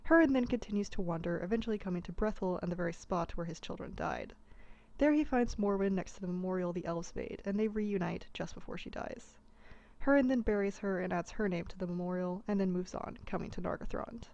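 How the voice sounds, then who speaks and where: A woman's voice: fairly low pitch, a little fast, creaky, darkish tone, dull audio. A woman narrating a comedic abridged retelling in a casual, irreverent way.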